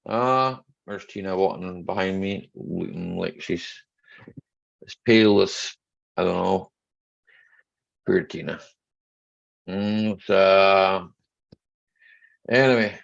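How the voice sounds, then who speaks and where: The host of this home live stream is a middle-aged Scotsman with a low, gravelly voice. He keeps things casual, greeting people by name and joking, over slightly dull, lo-fi audio.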